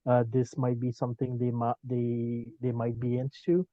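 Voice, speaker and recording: A man from Quebec who speaks natively, talking as a podcast guest in a hesitant way with many pauses and uhs. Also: medium pitch, completely flat delivery, narrow, tinny audio, crowd noise. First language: French. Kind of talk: casual podcast chat.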